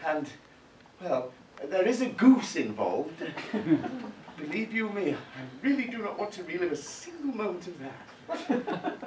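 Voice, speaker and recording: A stand-up comedy performer gives a flustered, apologetic sketch monologue to a live audience, full of hesitations. His high-pitched voice is very animated yet unhurried, pausing often. The recording is noisy and echoey, far from the mic, with audience laughter behind him.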